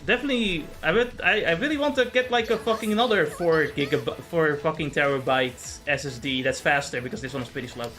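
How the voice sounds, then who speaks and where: Male game streamer, casual chat, swears a lot, rambling, slightly high voice. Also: quick pace, hardly any pauses, bright, forceful tone, soft background music. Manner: rambling, profane, jokey. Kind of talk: casual gaming livestream chat.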